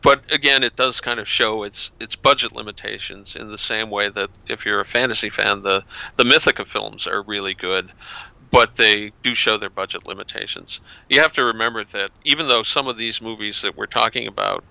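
A man's voice: lowish voice, a little fast, gravelly, bright, forceful tone, no room sound, low-quality recording. A man in casual chat as a guest author, rambling and often restarting his sentences.

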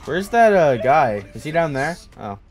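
A young man chatting with friends at his home gaming setup, with loud, animated trash talk and sudden yells. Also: fairly high pitch, normal speed. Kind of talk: casual gaming chat.

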